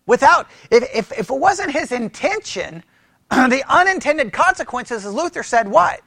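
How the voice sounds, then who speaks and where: A pastor teaching church history as a sermon-style lecture, animated, asking the room questions and often restarting his words. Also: very high voice, moderate pace, creaky, no echo, clean studio sound. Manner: animated, asks the room questions, mimics critics.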